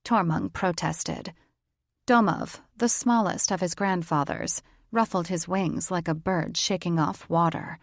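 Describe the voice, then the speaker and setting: A woman narrating a fantasy audiobook in an even, deliberate, scripted style on a close mic. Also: fairly low pitch, vocal fry, no room sound.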